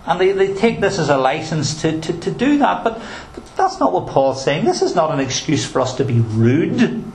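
A man's voice: a little high, big pitch swings, normal speed, a little mellow, slight background noise. A male pastor preaching a sermon in an earnest, emphatic way, with touches of dry humor. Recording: roomy echo.

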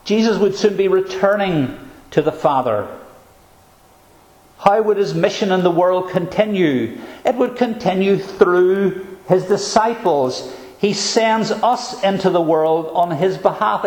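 A man delivers a sermon in a slightly higher voice, earnest and emphatic, slowing down to stress key phrases. The sound is echoey, as if from a church room. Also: animated, darkish tone. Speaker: preacher.

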